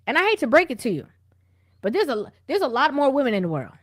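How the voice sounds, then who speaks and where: A woman with a high voice speaks in steady, casual commentary. She lectures her listeners directly in an even, measured way.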